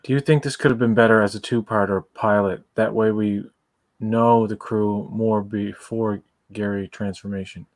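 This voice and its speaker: A man's voice: lowish voice, steady tone, moderate pace, no room sound. A man in a casual fan commentary podcast, asking questions and sharing his opinions. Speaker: podcast co-host.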